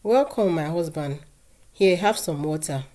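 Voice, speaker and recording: A woman voicing a patient young wife in a storybook tale, soft and pleading yet firm. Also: low voice, lively intonation, unhurried. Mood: gentle.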